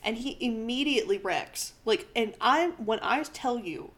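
A woman co-hosting a podcast, retelling a film in a profane, animated, laughing way. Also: fairly high pitch, measured pace. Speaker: podcast co-host. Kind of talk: casual podcast chat.

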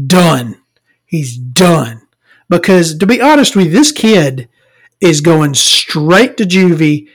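A woman telling a profane, rambling story in an exasperated rant. She swears heavily and swings between loud outbursts and low mutters. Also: husky.

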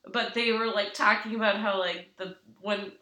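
A woman's voice: medium pitch, fairly even intonation, moderate pace, pushed and bright. A woman co-hosting a podcast in casual chat, full of fillers and quoted asides. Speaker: podcast co-host. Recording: echoey room.

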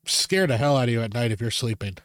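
A man in relaxed conversation, spinning rambling stories with blunt, profane humor. His voice sits at an ordinary middle pitch. The sound is close and dry, with no room in it. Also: fast talker, dry recording. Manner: casual, profane, animated when quoting himself. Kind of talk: casual storytelling chat.

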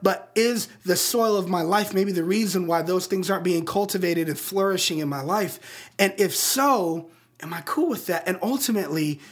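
Man, young adult, high-pitched, casual sermon, slangy, rhetorical questions. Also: slightly rough. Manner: casual slangy preaching, acts out movie dialogue. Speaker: pastor.

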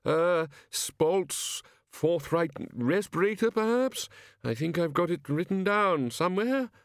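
A man's voice: high-pitched, expressive, slow, no echo, studio quality, pitched above the performer's own voice, heavily acted. A man voicing a muddled, petty old male wizard who mutters petulantly.

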